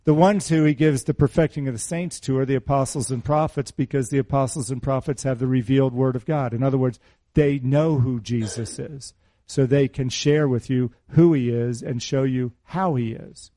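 Man preaching in a mellow voice. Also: medium pitch, fairly even intonation, normal speed, dry recording. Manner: conversational, asks the audience questions. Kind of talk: sermon with personal story.

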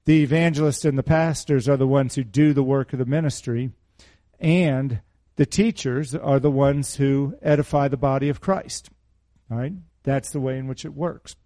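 A man's voice: medium pitch, steady tone, moderate pace, dark tone, no room sound. A middle-aged man preaching a sermon, mixing scripture with a personal story and asking his listeners questions in a conversational manner. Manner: conversational, asks the audience questions.

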